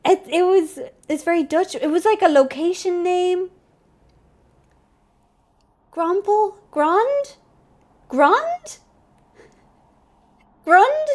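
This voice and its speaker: A woman's voice: very high-pitched, expressive, extremely slow, long pauses, darkish tone. A young woman streaming a game, chatting casually, giggling and squealing often. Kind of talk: casual gameplay commentary.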